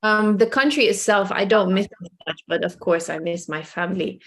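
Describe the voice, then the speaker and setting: A woman from the Netherlands answering interview questions as a missionary guest, earnest and hesitant with many pauses. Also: mid-range voice, a bit bright.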